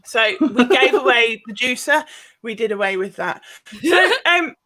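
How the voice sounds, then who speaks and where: A woman performs stand-up on a stage mic, her voice bright and a touch high. She tells self-deprecating stories and drives each one to a punchline, with audience laughter behind her. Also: lively intonation, a little slow. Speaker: stand-up comedian. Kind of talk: stand-up comedy set.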